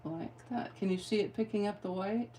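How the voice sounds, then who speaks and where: A woman's voice: medium pitch, normal speed, warm tone, slight background noise. A middle-aged woman giving a card-making tutorial, chatty and playful, with rambling asides. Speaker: craft demonstrator.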